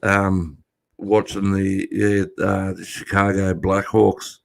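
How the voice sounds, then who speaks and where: A man with an Australian accent in casual chat, talking fast and swearing freely. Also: deep voice, level tone, creaky, dry recording.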